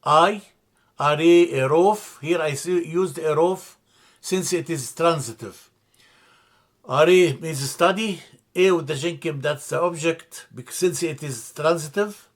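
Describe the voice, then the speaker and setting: Slow, methodical male language teacher. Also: on the high side. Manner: slow, methodical, spells out letters and repeats words; frequent hesitations and self-corrections. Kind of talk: classroom grammar lesson.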